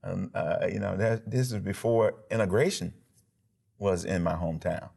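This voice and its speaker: A deep, heavily gravelly man talks with punchy emphasis. He tells his story in a lively, animated way and acts out moments with sound effects. He speaks as a pastor sitting for a TV interview. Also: moderate pace. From Alabama, USA. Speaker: pastor and former football player.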